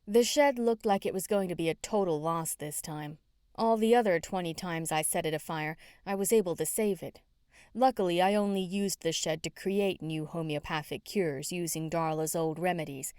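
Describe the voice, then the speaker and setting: A woman's voice: fairly low pitch, normal speed, a little mellow, no room sound, studio quality. Wry woman narrating an audiobook. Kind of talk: scripted first-person narration.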